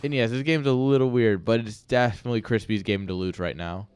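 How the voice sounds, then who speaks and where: A man's voice: lowish voice, fairly quick, darkish tone, clear, resonant tone. A man casually commentating a live video game match, ranting and joking while chatting with viewers. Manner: rambling, ranting, jokey, chats with viewers. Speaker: esports caster and streamer.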